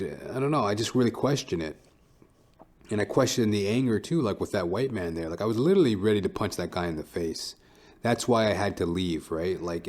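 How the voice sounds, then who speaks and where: Rambling, low-voiced man on a podcast. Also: darkish tone. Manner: rambling, profane, reflective. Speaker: podcast host. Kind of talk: casual solo podcast monologue.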